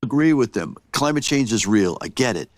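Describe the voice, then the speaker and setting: A man's voice: medium pitch, animated, normal speed, no echo. An older man, a comedian, rambling and repeating himself in talk show banter.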